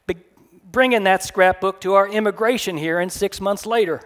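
A man reading his own fiction aloud at a live café event. His voice sits high for a man, and he tells the first-person story in a dry, wry manner. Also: moderate pace, fairly bright tone.

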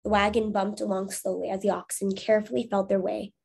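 A woman's voice: medium pitch, level tone, fairly quick, vocal fry, darkish tone, breathy edge. A woman teacher reading a storybook aloud to young students, then asking encouraging discussion questions. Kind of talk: reading aloud to children, lesson.

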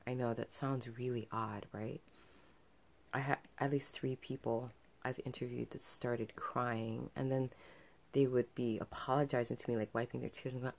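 Very low-voiced woman chatting earnestly. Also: steady tone, moderate pace. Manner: chatty, many fillers, gentle and earnest. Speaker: vlogger. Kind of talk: casual storytelling to camera.

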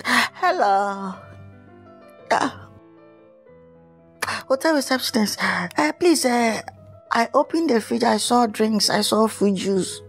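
A woman acting out a showy Nigerian pop singer in a comedy skit, high-pitched and swinging wildly in tone. He talks in dramatic, wailing repeats and never lets anything go. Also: lively intonation, slow, long pauses, faint music behind. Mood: distraught. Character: heartbroken, showy male pop musician. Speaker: comic actor.

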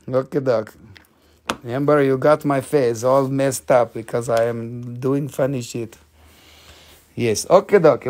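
A man hosting a live crystal sale, talking in an excitable, profane way with sudden jumps in pitch. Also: unhurried. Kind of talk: excited live sales chat.

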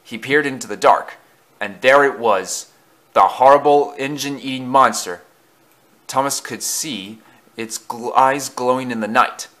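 A man reading a children's story aloud as a narrator, in a hushed, suspenseful way. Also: mid-range voice, a little slow.

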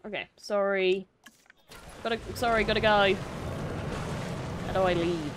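A woman's voice: on the high side, a little slow, long pauses, noisy background. A young woman streaming a game, chatting to herself and to the characters on screen. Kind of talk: casual gameplay commentary.

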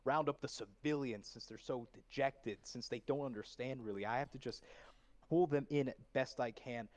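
A man with a medium-pitched voice and moderate pace is being coached as a voice actor. In a reflective conversation, he thoughtfully explains at length how he approached a scene.

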